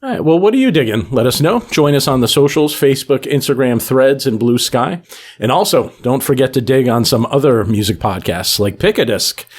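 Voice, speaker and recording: A man's voice: medium pitch, animated, a little fast, slightly rough. A man co-hosting a music podcast in casual chat, jokey and upbeat, now and then singing a silly line. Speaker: podcast co-host.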